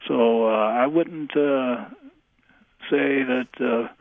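A man who is an English professor, answering questions on a radio call-in show, halting with many fillers. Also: medium pitch, creaky, no room sound. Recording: tinny phone line.

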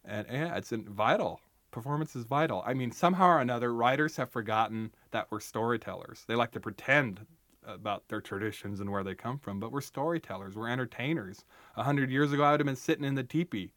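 A man's voice: medium pitch, a little fast, a bit bright, no room sound. A young adult man from the United States, a writer talking as an interview guest in an emphatic, wry, storytelling way with frequent restarts. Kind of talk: animated conversational interview.

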